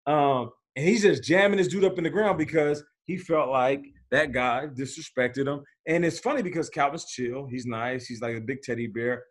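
A man in his forties and a former pro athlete, telling stories as a podcast guest in a slangy, animated way. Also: mid-range voice, normal speed, hardly any pauses. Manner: lively, slangy, acts out quotes, laughs while telling stories. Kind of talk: animated storytelling in casual conversation.

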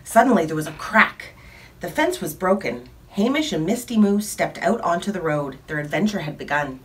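A woman's voice: fairly low pitch, lively intonation, normal speed. Woman reading a picture book aloud. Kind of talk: storybook read-aloud. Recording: distant mic.

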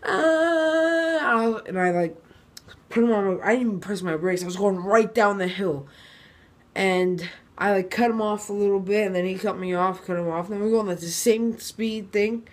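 A teenage boy from New Jersey telling a story in a casual vlog, rambling and excitable with lots of fillers and restarts. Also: sits high, normal speed. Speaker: vlogger.

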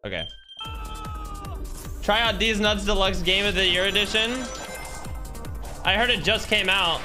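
This streamer is a young man whose expressive voice sits high and never hurries. Joking as he plays, he offers casual commentary on the game and calls out viewers by name, with game music running behind him.

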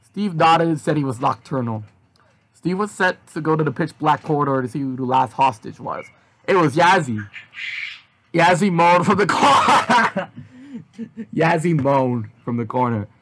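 A man reading a fan story aloud, animated in his delivery. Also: mid-range voice, moderate pace, noisy background. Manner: animated, with shouted outbursts. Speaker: reader.

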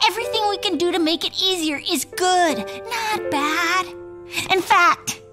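A woman voicing an anxious, excitable young cartoon girl who talks in a fretful, whiny way. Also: very high voice, unhurried, over music.

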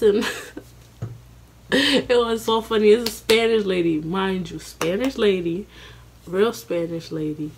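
A young woman vlogger telling a story in a casual, animated, profane way, acting out her own panicked lines. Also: medium pitch, slow pace, vocal fry, pauses often, slightly rough. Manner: animated, profane, dramatic self-quoting.

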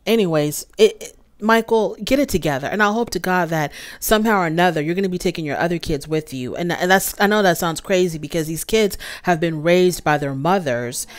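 A woman with a slightly low voice talks through a reality show episode in a casual recap. She sounds fed up, scolding the people on screen as if they could hear her. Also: normal speed. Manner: exasperated, scolding the cast directly. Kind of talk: casual review commentary.

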